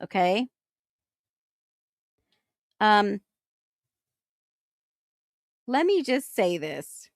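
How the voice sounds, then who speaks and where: A woman's voice: mid-range voice, big pitch swings, drawn-out words, long pauses, no echo, clean studio sound. A woman hosting a talk show, thinking aloud in casual commentary and reacting with incredulous exclamations. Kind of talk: casual commentary on case documents.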